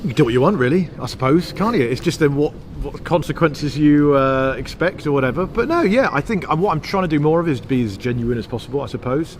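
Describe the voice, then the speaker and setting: A man's voice: fairly high pitch, lively intonation, quick pace, few pauses, slight background noise. A man from England, a comedy writer and stand-up, chatting in an interview in long rambling runs, with self-mocking asides and frequent restarts. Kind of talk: casual interview chat.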